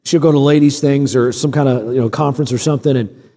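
A middle-aged man, a pastor delivering a sermon. He builds emphatic repeated lines and drifts into relaxed personal stories. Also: mid-range voice, fast, long reverb tail. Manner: preaching with rising emphatic repetition, then easy storytelling asides. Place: church sanctuary.

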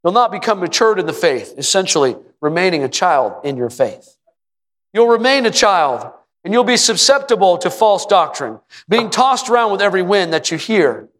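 Male pastor, high voice, emphatic repetitive sermon delivery, church hall echo. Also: big pitch swings, moderate pace. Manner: preaches with rising emphatic repetition, sometimes shouting. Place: church sanctuary. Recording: long hall reverb.

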